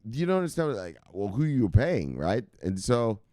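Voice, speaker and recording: A man's voice: lowish voice, very animated, moderate pace, dark tone, no room sound, studio quality. A man hosting a crypto news livestream in a loose, rambling way, swearing freely and barking out catchphrase sign-offs. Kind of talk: casual livestream chat.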